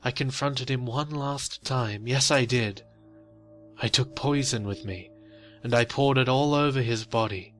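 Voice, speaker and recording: A man's voice: medium pitch, unhurried, fairly bright tone, faint music behind, voice pushed up, lightly acted. A man voicing a frightened, slightly drunk older woman who pleads and rambles. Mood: pleading.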